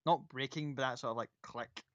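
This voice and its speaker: A man's voice: mid-range voice, brisk, a bit bright, dry recording, lo-fi sound. A man running a tabletop role-playing game as game master, narrating casually and descriptively. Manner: casual, descriptive, full of "like" and "kinda".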